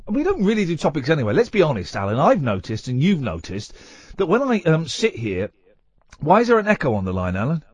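A man's voice: fairly high pitch, huge pitch swings, fairly quick, darkish tone, slightly rough, no room sound. A man hosting a late-night radio show, rambling and teasing his co-host in a playful, chatty way. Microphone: studio microphone.

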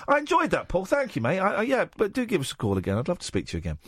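Lively radio host. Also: male voice, high-pitched, rapid-fire, no echo, clean studio sound. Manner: blunt, lively, jokey, swings between loud rants and quiet asides. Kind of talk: late-night radio chat. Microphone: studio microphone.

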